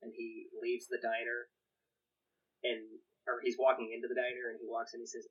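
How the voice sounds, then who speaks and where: Husky young man rambling about a film. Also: medium pitch, completely flat delivery, a little fast, muffled recording. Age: young adult. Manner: rambling with many restarts and quoted asides. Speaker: podcast co-host. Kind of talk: casual film chat.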